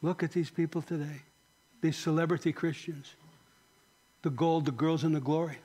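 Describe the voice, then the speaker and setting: A man preaching a sermon as pastor, impassioned, rising to emphatic questions and dropping to soft, quiet lines. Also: a little high, steady tone, moderate pace.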